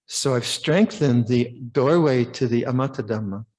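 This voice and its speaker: A man's voice: mid-range voice, normal speed, a little mellow. An older man, a Buddhist monk, giving a conversational dharma talk at a retreat, often repeating words and putting questions to his listeners.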